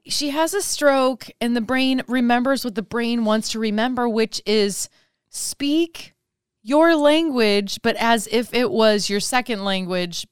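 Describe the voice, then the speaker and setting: Woman co-host, clear smooth tone, dry close sound, chatty and curious. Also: on the high side, measured pace, dry recording. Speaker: podcast co-host. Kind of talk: casual chat.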